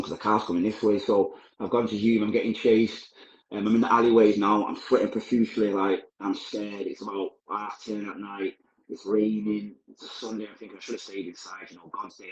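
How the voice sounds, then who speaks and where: A man's voice: fairly low pitch, roomy sound, lo-fi sound. A man, a podcast guest, recounting his past in a candid, vivid, blunt present-tense way. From Manchester, England. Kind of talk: personal storytelling.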